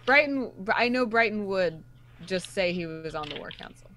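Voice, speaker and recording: A woman player in a tabletop role-playing game who speaks in a formal, measured way. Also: mid-range voice, expressive, fairly bright tone, a little hiss or hum.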